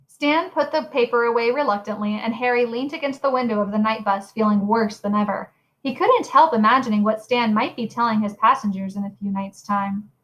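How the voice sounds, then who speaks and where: A woman with a fairly high voice reads a novel aloud, expressive and animated in her storytelling. Her narration carries the tale along with feeling. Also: a little fast, rough recording. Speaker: reader. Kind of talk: audiobook reading of a novel.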